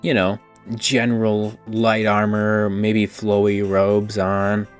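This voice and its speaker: Laid-back low-voiced game player. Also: male voice, monotone, slow, clear, resonant tone, soft background music. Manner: explains his character's powers at length, laid-back. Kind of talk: casual tabletop game play.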